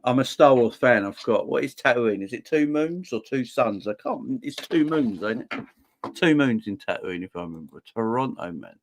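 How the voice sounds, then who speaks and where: A young man hosting a football fan livestream, casually and cheerfully shouting out viewers in the chat. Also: mid-range voice, expressive, normal speed, background noise. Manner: upbeat, shouting out viewers by name. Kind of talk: casual live-stream chat.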